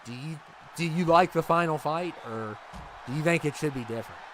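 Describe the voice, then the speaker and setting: A man's voice: a little high, brisk, fairly bright tone, slight background noise. A man hosting a livestream, chatting casually and rambling with his viewers, laughing easily. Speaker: livestream host.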